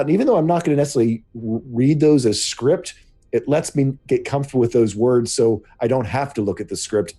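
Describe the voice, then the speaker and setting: Mellow-voiced game master giving tips. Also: male voice, medium pitch. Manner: thoughtful, halting with fillers. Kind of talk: casual tips discussion.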